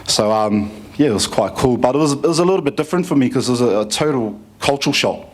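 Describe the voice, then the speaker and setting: A man tells his own life story to a conference audience. His delivery is easygoing and full of fillers and restarts, at a mid-range pitch for a man. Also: animated, fast talker. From New Zealand. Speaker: conference speaker giving a testimony. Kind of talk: personal testimony story.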